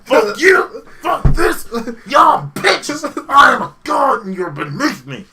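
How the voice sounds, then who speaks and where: A man voicing a bratty young male demigod who throws a shouting, cursing tantrum. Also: extremely high pitch, big pitch swings, measured pace, far from the mic, background noise, pitched above the performer's own voice, full character voice. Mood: enraged.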